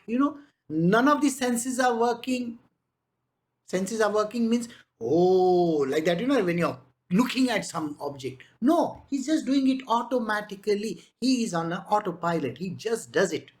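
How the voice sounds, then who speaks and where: Chatty woman giving a spiritual talk. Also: mid-range voice. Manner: chatty, with frequent rhetorical questions and "you know". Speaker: spiritual teacher. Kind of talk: conversational spiritual discourse.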